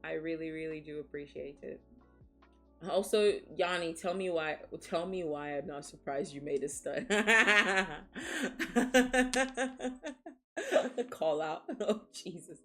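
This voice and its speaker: A woman's voice: sits low, fairly even intonation, moderate pace, a little mellow, soft background music. A woman streamer from Nigeria in casual chat, frank and swearing freely, laughing often as she reads chat, sniffling after crying.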